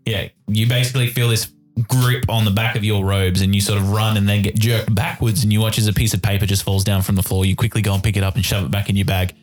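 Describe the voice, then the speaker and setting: A man's voice: on the low side, little pitch movement, quick pace, soft background music. A man narrating as game master of a tabletop game, in loose, chatty narration.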